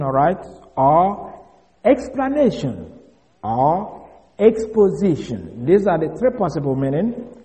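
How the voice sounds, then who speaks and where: A man's voice: on the high side, darkish tone. A man teaching on the Bible as a preacher, explaining Greek words and spelling them out letter by letter, recorded in a large hall. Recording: long hall reverb.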